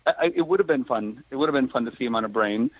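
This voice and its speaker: A man with a husky voice speaks as a guest over a tinny, phone-like line. He chats casually and picks his words with care, dodging spoilers. The sound is dry and close. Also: medium pitch, expressive, no room sound. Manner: careful and measured, avoids spoilers. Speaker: actor guest. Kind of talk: casual interview chat.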